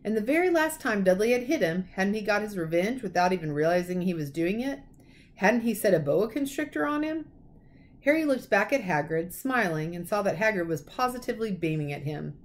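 Female teacher narrating a storybook reading, expressive and lively. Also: mid-range voice, brisk.

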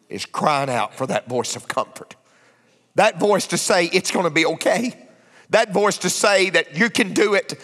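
Lively preacher man in an echoey church. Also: sits high, normal speed. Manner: dramatic preaching, swinging from hushed to shouting. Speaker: pastor. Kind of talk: sermon.

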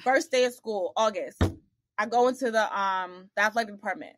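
A woman's voice: normal speed, slight background noise. A young woman telling a story casually on a podcast, acting out the people she quotes with big jumps in her voice. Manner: animated, acts out quoted dialogue with big pitch jumps. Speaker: podcast guest.

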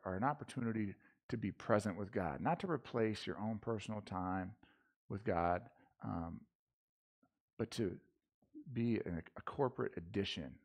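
A man's voice: fairly low pitch, creaky, slightly rough. A man preaching a casual sermon in church, talking loosely with slang and frequent restarts. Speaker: pastor. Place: church sanctuary.

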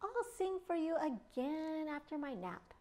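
A woman voicing a loud, boastful male gecko in a children's story, snapping at the birds and roaring his song. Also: sits high, very animated, unhurried, pitched above the performer's own voice.

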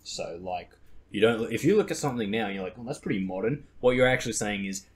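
A man's voice: fairly low pitch, expressive, fast talker. A young man hosting a podcast in casual chat, rambling and laughing at his own stories. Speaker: podcast host.

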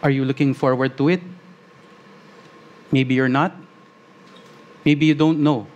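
A man preaching a sermon as pastor, earnest, slowing on key phrases and rising as he reads scripture aloud. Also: mid-range voice, fairly even intonation, highs cut off.

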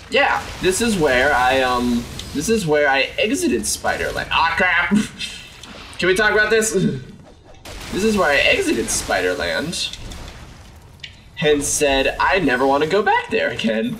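A young man riffs playfully through his gameplay, talking back to the characters on screen. His voice is slightly high and swoops up and down as he jokes. He sits a little back from the mic, with a faint hum of room noise behind him. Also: a little slow, recorded from a distance. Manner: jokey, talks to game characters, lively swings in pitch. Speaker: gaming video host. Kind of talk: let's play commentary.

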